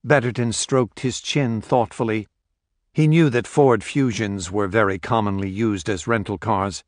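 A man reading a story aloud as audiobook narrator in a steady, measured way. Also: on the low side, dry recording, clean studio sound. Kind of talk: scripted narration.

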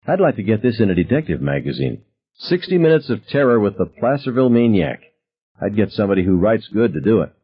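A man reading an audiobook, voicing a brash, fearless teenage girl who talks loud and fast. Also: lowish voice, sing-song, husky, highs cut off, voice pushed up. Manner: loud, guffawing, quick.

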